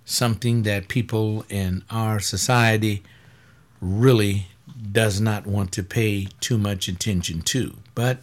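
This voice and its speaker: A man who is a pastor giving webcast commentary, rambling and conversational with blunt rhetorical questions, tired and aching, sometimes dropping low and quiet and then rising sharply when he argues. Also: fairly even intonation, slow. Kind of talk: webcast commentary reading and answering a paper.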